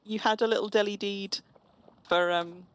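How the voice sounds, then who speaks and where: A woman's voice: mid-range voice, steady tone, moderate pace, clear, resonant tone. A woman chatting casually and teasingly while streaming an online game. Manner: chatty, teasing, restarts phrases. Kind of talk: casual gaming chat.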